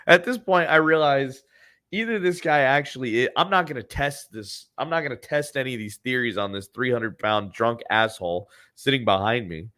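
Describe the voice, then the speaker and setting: A man's voice: medium pitch, lively intonation, moderate pace, sharp tone. Sardonic profane male storyteller. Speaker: podcast host.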